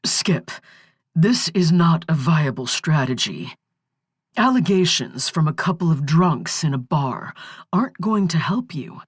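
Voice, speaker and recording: A woman doing a calm, soothing male lawyer. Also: breathy edge, no room sound, clean studio sound, exaggerated voice. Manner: measured, soothing, low-key.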